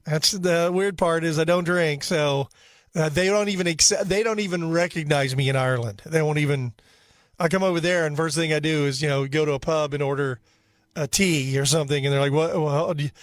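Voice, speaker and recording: A man's voice: a little high, steady tone, fairly quick, no echo, clean studio sound. A man hosting a radio show, talking casually and joking at himself as he rambles. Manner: joking, rambling, self-mocking. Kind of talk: casual talk radio chat.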